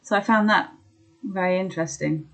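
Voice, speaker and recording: A young woman talking candidly about her own experiences, hesitant with many pauses and ums, laughing at herself at times. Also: on the low side, fairly bright tone, poor audio. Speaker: vlogger sharing her illness experience. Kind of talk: candid personal chat.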